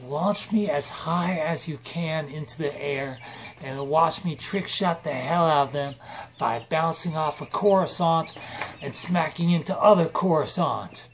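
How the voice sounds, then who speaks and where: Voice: mid-range voice, unhurried, slight background noise, lightly acted. A storyteller voicing a brash young gamer hero who lays out a wild plan. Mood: scheming. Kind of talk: comic storytelling.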